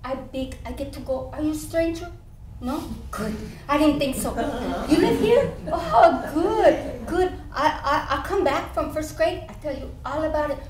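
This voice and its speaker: A stage performer voices a proud, talkative first grader, speaking in a childlike San Antonio Spanish-accented English and switching into Spanish at times. She sounds high and animated at normal speed. Crowd noise is audible, and the roomy, far-off stage recording carries a faint hiss.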